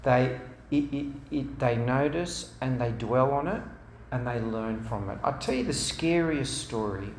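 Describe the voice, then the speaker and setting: A man speaks to parents at a church meeting in an unhurried, expressive, medium-pitched voice, with a little hiss or hum on the recording. He is earnest, telling stories and stacking up examples in long repetitive lists, and the roomy hall carries faint ambience.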